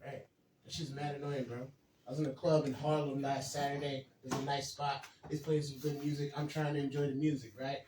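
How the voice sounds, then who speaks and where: A man doing a stand-up set, laid-back and dry, breaking into loud shouted and sung bits. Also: mid-range voice, little pitch movement, a little fast, a little hiss or hum. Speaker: headlining stand-up comic. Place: small basement comedy room. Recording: roomy, far from the mic.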